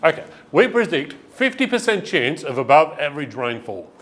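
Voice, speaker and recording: A man's voice: a little high, sing-song, normal speed, a bit bright. An actor playing a hesitant young male job recruit who breaks off mid-line to ask a question. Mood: unsure.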